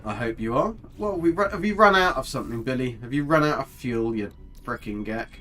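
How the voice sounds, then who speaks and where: A man's voice: mid-range voice, animated, a little fast, fairly bright tone. A man giving casual, chatty live commentary on a game, talking to his character and his viewers with mild swearing. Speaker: gaming streamer.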